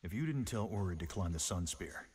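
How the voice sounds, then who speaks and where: Dry, sardonic young hunter. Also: male voice, deep voice, expressive, brisk, a little mellow, slight background noise. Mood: wry. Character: wry young male hunter freed from prison.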